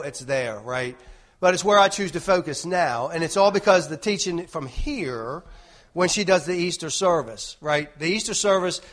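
A man's voice: fairly high pitch, a bit bright. A man giving an informal sermon, telling a rambling personal story with many restarts and "right?" tags. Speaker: lay preacher.

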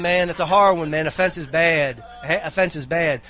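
A man's voice: a little high, moderate pace, bright, forceful tone. Rambling, folksy man exhorting a congregation. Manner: rambling, folksy, with frequent asides. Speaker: church member giving a talk. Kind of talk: casual church exhortation.

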